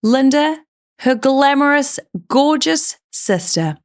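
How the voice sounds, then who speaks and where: High-voiced woman telling a crime story. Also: slow pace. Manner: dramatic, lively storytelling. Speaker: podcast host, storyteller. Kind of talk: comedic true-crime podcast narration.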